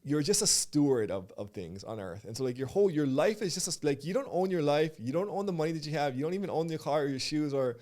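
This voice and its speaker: A man's voice: on the high side, expressive, fast, few pauses, a little mellow. A man speaking as a guest in a casual podcast conversation, reflective and filling his talk with "like". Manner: reflective, lots of "like" fillers.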